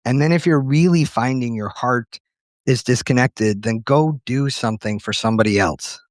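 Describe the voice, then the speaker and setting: A man's voice: medium pitch, moderate pace, no room sound, studio quality. A man talking earnestly and reflectively in a casual conversation as a writer guest, telling stories from his life. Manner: earnest, reflective, tells anecdotes with quoted voices.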